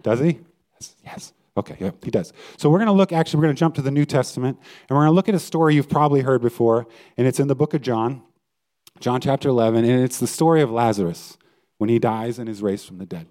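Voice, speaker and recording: A man's voice: mid-range voice, quick pace, warm tone. A male pastor giving a conversational sermon and putting questions to his listeners. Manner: conversational preaching, asks the audience questions.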